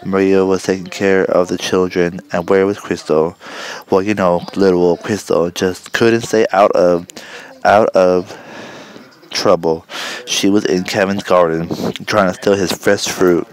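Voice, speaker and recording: A man's voice: sits low, flat delivery, low-quality recording. A man improvising a crude comic story, rambling and often stopping to correct himself. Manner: rambling, halting, self-correcting.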